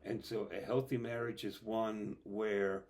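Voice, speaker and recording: A man with a fairly low voice hosts a relaxed podcast chat. He speaks earnestly and reflectively, posing thoughtful questions to his guest. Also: a little slow. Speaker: podcast host. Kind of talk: conversational podcast discussion.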